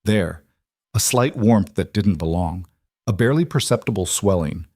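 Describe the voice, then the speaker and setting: Man, storyteller, scripted narration, steady and measured, low voice, dry close sound. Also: no room sound.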